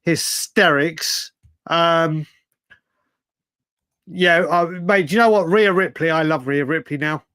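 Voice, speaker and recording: A high-pitched man chats on a livestream, excitable and quick to laugh. His voice sits close and dry on the mic, with no room sound around it. He keeps repeating himself as he gets carried away. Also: smooth, no room sound. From United Kingdom. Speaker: livestream host. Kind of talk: casual chat.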